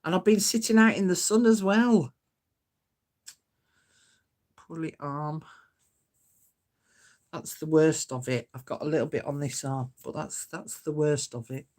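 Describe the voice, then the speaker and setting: A woman's voice: sits low, unhurried, pauses often, darkish tone. A woman, hosting a crafting livestream in a homely, chatty way and greeting viewers by name. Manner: chatty, homely, reads out and chuckles at comments. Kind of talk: casual live-stream chat greeting viewers.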